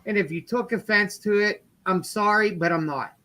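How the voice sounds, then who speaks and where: A worn-out man co-hosts a podcast, speaking bluntly with plenty of swearing. His voice is high and bright with a tense edge. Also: moderate pace. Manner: blunt, profane, tired. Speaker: podcast co-host. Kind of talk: casual chat.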